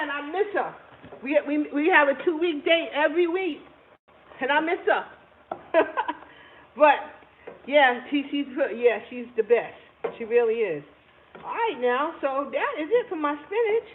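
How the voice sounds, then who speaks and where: A woman's voice: sits high, expressive, a little slow, pauses often. Chatty woman cooking on a tinny stream. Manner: chatty, laughs often, talks to viewers while cooking. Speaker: cooking channel host. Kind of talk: casual cooking livestream chat. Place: home kitchen. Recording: tinny phone-like audio with faint noise.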